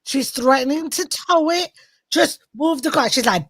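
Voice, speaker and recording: A woman's voice: sits high, a little slow, no room sound, poor audio. A woman hosting a casual chat with friends, telling a crude story with lots of swearing and acting out the other people's lines. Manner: crude, lively, acts out quotes with voices. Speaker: podcast host telling a story. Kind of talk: animated storytelling among friends.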